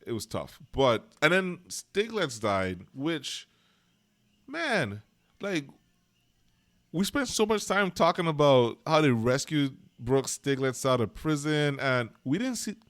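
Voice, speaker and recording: A man's voice: medium pitch, very animated, slow, dry recording, clean studio sound. A man co-hosting a podcast, chatting eagerly about a film, repeating words and correcting himself mid-sentence. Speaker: podcast co-host. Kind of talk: casual film discussion.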